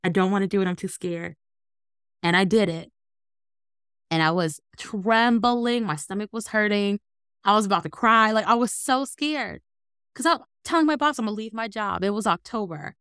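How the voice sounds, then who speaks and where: A woman in her thirties, a guest on an interview, telling her story in an animated, earnest way. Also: mid-range voice, normal speed, clean tone, no room sound, clean studio sound. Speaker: guest, entrepreneur.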